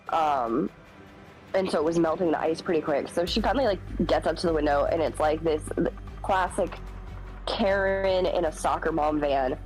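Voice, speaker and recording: A woman's voice: lowish voice, rough recording. A young woman streamer telling a work story in casual chat, acting out the people she quotes. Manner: animated, acts out quoted voices. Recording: music playing behind.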